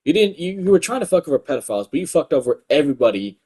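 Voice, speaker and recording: A man's voice: fairly high pitch, sing-song, racing, mellow, breathy edge. A young man with a light voice, ranting profanely in a rambling commentary full of filler words. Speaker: YouTube commentator.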